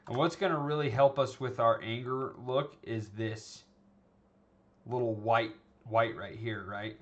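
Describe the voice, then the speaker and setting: In this muffled recording, an animation instructor speaks unhurriedly in a medium-pitched voice with fairly even intonation. He teaches conversationally in a screen-recorded tutorial, restarting sentences and checking in with "okay?" and "right?"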